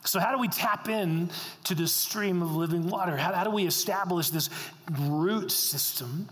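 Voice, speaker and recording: A man's voice: high-pitched, moderate pace, a bit bright. A middle-aged man preaching a sermon as pastor, earnest, repeating phrases for emphasis. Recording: long reverb of a hall.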